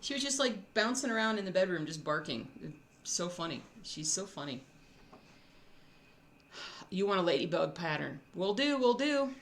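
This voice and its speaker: A woman's voice: on the low side, expressive, normal speed, pauses often. A woman who designs cross-stitch, chatting casually with her viewers from home in a rambling way, often restarting her thoughts. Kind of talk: casual live-stream chat.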